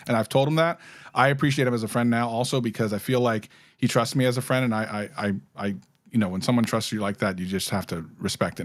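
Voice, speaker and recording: A man's voice: lowish voice, dry recording, studio quality. A man speaking as a guest in a casual interview, candid and laughing often. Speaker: guest, former company community liaison.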